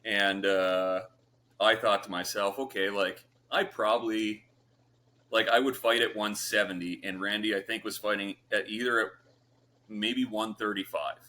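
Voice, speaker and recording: A man's voice: lowish voice, steady tone, a little slow, bright, forceful tone. A man from Canada, a guest on a podcast, telling stories casually with lots of swearing and fillers. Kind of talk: casual storytelling.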